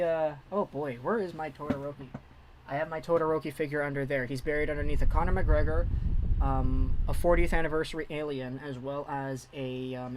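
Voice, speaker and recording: Chatty guy, slightly high voice. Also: poor audio. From Vancouver, Canada. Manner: chatty, reads out and answers viewer chat. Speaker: livestream host. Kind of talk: casual hockey livestream chat.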